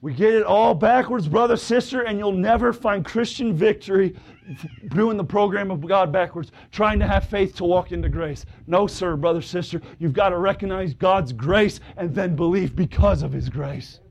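At a church service where the congregation responds, a man preaches a fervent sermon in a high, creaky voice at normal speed. He calls out "brother" and "sister" to the crowd and shouts hallelujah.

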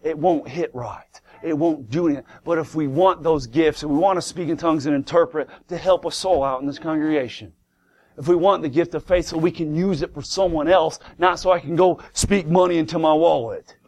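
A man's voice: fairly high pitch, a little fast, darkish tone. A man preaching a sermon to a congregation in church, emphatic, asking rhetorical questions and repeating key words.

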